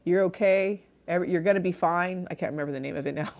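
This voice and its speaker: A woman's voice: lowish voice, fast talker, a little mellow. A middle-aged woman hosting a casual livestream, reading viewer comments aloud, laughing often and trailing off mid-thought. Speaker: livestream host.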